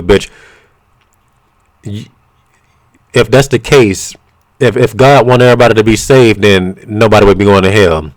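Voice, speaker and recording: A man ranting bluntly and profanely to camera, retelling an argument with quoted back-and-forth. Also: fairly low pitch. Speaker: vlogger. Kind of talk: casual ranting monologue.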